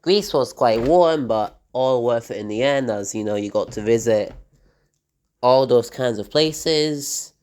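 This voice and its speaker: A man's voice: medium pitch, measured pace, darkish tone, clear, resonant tone. A man recapping his trip in a casual travel vlog, chatty and loose, with lots of fillers and restarts, talking while travelling in a vehicle. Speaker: travel vlogger.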